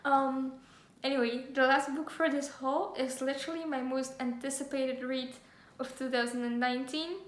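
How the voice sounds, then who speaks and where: Her voice is high and fairly even in intonation, moving at a moderate pace with hardly any pauses. She's a young woman chatting casually through a book haul, giggly and gushing, full of fillers, and reading the synopses off the back covers. It sounds like an echoey room with faint ambience.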